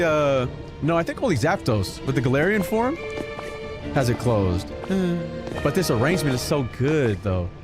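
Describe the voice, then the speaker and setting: A young man streaming a game, giving casual commentary that is joking, animated and full of swearing. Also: fairly high pitch. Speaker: gaming streamer. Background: game music.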